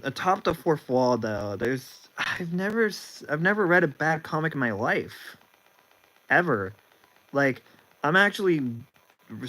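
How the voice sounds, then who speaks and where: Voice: medium pitch, fairly bright tone, low-quality recording. A young male livestream host chatting casually, rambling and often restarting his sentences. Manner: rambling, stop-start, with frequent restarts.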